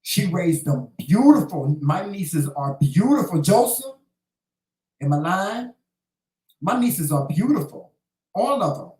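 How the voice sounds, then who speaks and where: A man's voice: high-pitched, very animated, slow, a little mellow, reverberant, poor audio. A man hosting a casual livestream talk show, delivering a sassy, profane, preachy monologue and calling listeners "child" and "honey". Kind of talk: casual monologue to a live chat.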